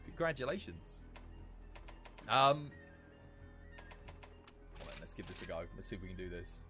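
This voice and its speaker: A man's voice: deep voice, sing-song, normal speed, sharp tone, faint music behind. A man giving jokey live commentary while streaming a game, laughing often.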